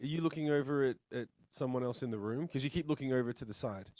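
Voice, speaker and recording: This Australian-accented musician talks over a video call in a quick, slightly mellow mid-range voice. He's laid-back, blunt and chatty as a guest, swearing casually as he goes.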